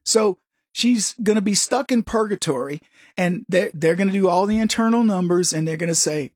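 A man hosting a talk radio show, telling stories in an animated way and acting out what people said. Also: sits high, moderate pace, no echo, clean studio sound. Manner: animated storytelling, acts out quotes.

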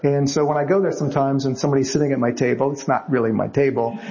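A man, a novelist being interviewed, telling anecdotes in a lively way and acting out the voices of the people in them. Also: mid-range voice, quick pace, lo-fi sound. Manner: lively storyteller acting out quotes. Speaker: novelist guest.

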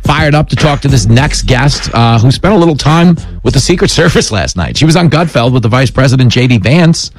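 A man's voice: mid-range voice, lively intonation, a little fast, few pauses, soft background music. A man hosting a radio talk show, chatting casually and joking, slipping into playful bits. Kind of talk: casual comedic chat.

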